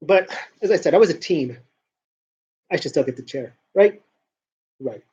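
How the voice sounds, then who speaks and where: A man's voice: fairly high pitch, lively intonation, normal speed, dark tone, slightly rough, muffled recording. A man talking casually to camera in a rambling vlog monologue, often restarting and repeating words. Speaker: vlogger.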